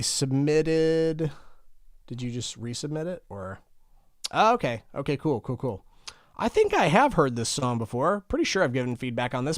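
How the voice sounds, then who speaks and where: A man's voice: medium pitch, no echo, studio quality. Tired, chatty man hosting a livestream. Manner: chatty, greets viewers by name. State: tired, low energy. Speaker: host. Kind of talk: casual livestream chat.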